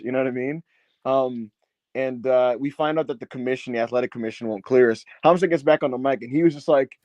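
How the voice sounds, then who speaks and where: A man co-hosting a casual wrestling podcast, telling a long story with lots of swearing and high mock voices for the people in it. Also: quick pace, dry recording. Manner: animated storyteller, swears a lot, acts out others in high put-on voices. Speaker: podcast co-host.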